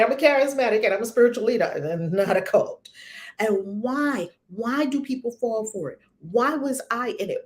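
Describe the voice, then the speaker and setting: A woman's voice: mid-range voice, a little mellow. A woman spiritual teacher speaking emphatically and preaching, full of rhetorical questions.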